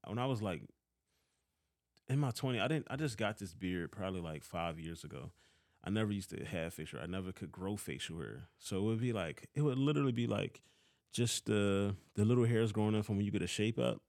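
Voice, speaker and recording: A vlogger in his thirties with a Philadelphia accent rants casually about an old boss, heated and swearing often. His voice sits a little low with a darkish tone, he talks briskly, and the recording is dry with no room echo.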